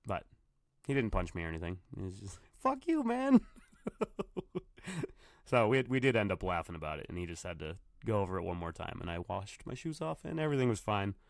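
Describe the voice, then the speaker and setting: Man host, casual profane storyteller, smooth clear tone, dry close sound. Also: deep voice, lively intonation, quick pace, no echo. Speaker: podcast host, bartender. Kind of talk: casual solo podcast monologue. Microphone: computer microphone.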